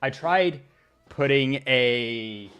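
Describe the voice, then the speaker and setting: A male streamer chatting casually, rambling along with pauses and restarts as he talks into his desk mic. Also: mid-range voice, animated, fairly bright tone, smooth. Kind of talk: casual livestream chat. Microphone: desk mic at streaming setup.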